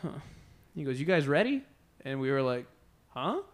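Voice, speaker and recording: A young man from Texas, hosting a podcast and telling stories in a relaxed, rambling way. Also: medium pitch, fairly quick. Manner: relaxed, rambling, fillers like "you know what I'm saying". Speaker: podcast host. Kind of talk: casual storytelling chat.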